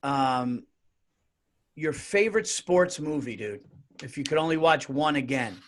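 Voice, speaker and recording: A man with a notably high speaking voice hosts a podcast and keeps it casual. He tells stories with excitement and acts out other people's lines as he goes. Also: measured pace. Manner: excitable storyteller who acts out quotes. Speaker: podcast host. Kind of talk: casual chat.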